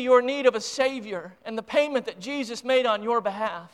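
A high-pitched American man delivers a sermon from the pulpit with a smooth, resonant tone. He preaches with deep emotion and rising conviction, often repeating and restarting his words. His passion carries from quiet reflection to fervent appeals. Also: moderate pace, hardly any pauses. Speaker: pastor.

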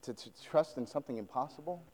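A man preaching, voicing a poor widow mother in a soft, hushed, earnest tone. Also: fairly high pitch, fast, big-room sound, lightly acted. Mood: fearful.

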